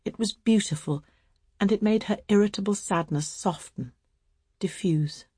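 A woman narrating literary fiction in a measured, expressive reading. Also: medium pitch, slightly rough, no room sound, clean studio sound. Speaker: audiobook narrator.

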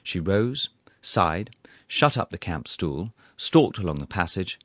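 A man narrating a story aloud with dry, ironic, measured storytelling, recorded on a close studio mic. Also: low-pitched, sing-song, a bit bright, dry recording. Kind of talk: scripted audiobook narration.

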